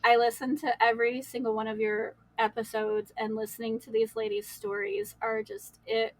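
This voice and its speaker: A woman's voice: a little high, level tone, normal speed, no room sound, poor audio. A woman guest on a podcast, candidly telling her life story in a rambling way, with many "like"s and laughs. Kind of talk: emotional personal storytelling.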